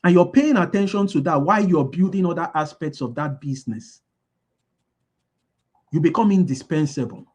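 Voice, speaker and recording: Guy with a pretty high voice doing a motivational business talk, says stuff twice, quizzes the audience. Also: normal speed, pauses often, a little mellow, breathy edge. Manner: repeats key lines for emphasis; asks the audience call-and-response questions. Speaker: business speaker.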